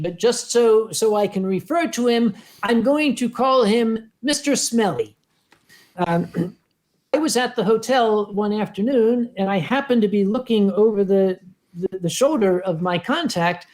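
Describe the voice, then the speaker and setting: A man, a convention organizer, telling an anecdote on a panel and acting out the quotes with lively voices. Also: sits high. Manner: lively storyteller who acts out the quotes.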